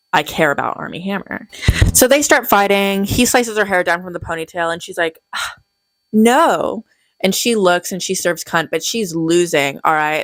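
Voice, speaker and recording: A woman's voice: low voice, a bit bright, dry recording. Snarky young woman recapping a movie. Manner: snarky, sarcastic, profane. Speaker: movie commentary youtuber. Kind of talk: casual comedic movie recap.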